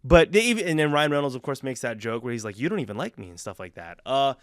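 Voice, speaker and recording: A man's voice: medium pitch, sing-song, quick pace, a little hiss or hum. A young man giving a casual, rambling movie review, enthusiastic and full of fillers and restarts.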